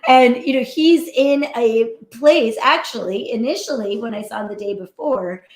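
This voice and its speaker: A woman physician hosting a show, giving a casual motivational talk in a lively, chatty way and laughing often. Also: fairly high pitch, moderate pace. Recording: roomy echo.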